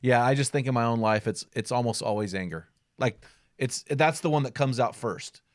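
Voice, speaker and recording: A man's voice: mid-range voice, moderate pace, no echo. Affirming male podcast host, dry sound. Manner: affirming, reflective. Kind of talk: podcast conversation.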